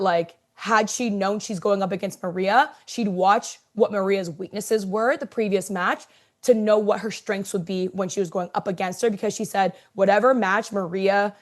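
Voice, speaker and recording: Give me a conversational woman co-host on a sports podcast who builds to emphatic points. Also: medium pitch. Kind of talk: casual chat.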